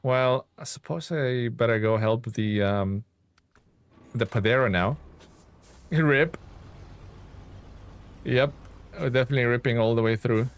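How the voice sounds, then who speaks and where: A man's voice: mid-range voice, a little slow, long pauses, clean tone. A male game streamer with a mid-range voice who chats loosely with his viewers as he plays. He laughs often and pokes fun at his own mistakes in a playful, self-mocking way. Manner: chats with viewers while playing. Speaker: gaming streamer. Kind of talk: casual live game commentary.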